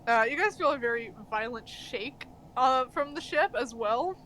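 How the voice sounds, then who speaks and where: A woman's voice: high voice, expressive, normal speed, fairly bright tone, slight background noise. A woman narrating as dungeon master in a casual tabletop game stream, loose and full of fillers. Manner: loose, filler-heavy narration with frequent laughs.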